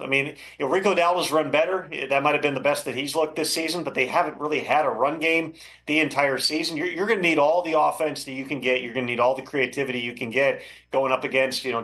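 A man working as a football insider, giving measured, thoughtful analysis as an interview guest, with frequent fillers. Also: mid-range voice, fairly bright tone. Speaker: NFL insider.

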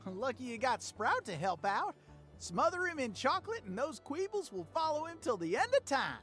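A woman's voice: sits high, big pitch swings, moderate pace, a bit bright, soft background music. A woman voicing a folksy, drawling rancher woman in a game, handing out instructions. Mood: instructing. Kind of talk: game character dialogue.

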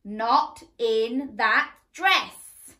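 A woman's voice: a little high, sharp tone, echoey room, full character voice. A woman doing a stern, scolding queen. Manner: slow, emphatic refusal.

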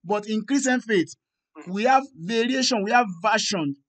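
High-voiced host pressing hard. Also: male voice, expressive, moderate pace, fairly bright tone. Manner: pressing, insistent, repeats questions. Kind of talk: confrontational debate.

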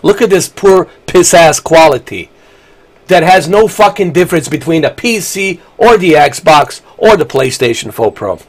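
A man's voice: fairly high pitch, expressive, normal speed. A man, ranting angrily and profanely while live-streaming a game. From Bosnia. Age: 40s. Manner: angry, profane, combative.

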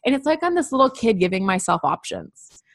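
A woman's voice: fairly high pitch, very animated, fairly quick, no room sound, clean studio sound. A woman talking candidly and chattily as a podcast guest, with lots of "like.". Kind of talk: casual podcast conversation.

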